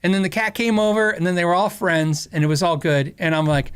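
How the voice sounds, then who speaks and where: A man's voice: high-pitched, little pitch movement, quick pace, clean tone. A middle-aged man hosting a podcast, telling a story in a casual, rambling way, laughing often and acting out quotes. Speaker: podcast host.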